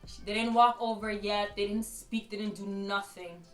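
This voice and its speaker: A woman vlogger telling a storytime tale in an animated, slangy way, often turning to her viewers directly. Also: mid-range voice, moderate pace, far from the mic. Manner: animated, slangy, keeps addressing the audience. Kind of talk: casual storytelling to camera. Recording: echoey room with faint music.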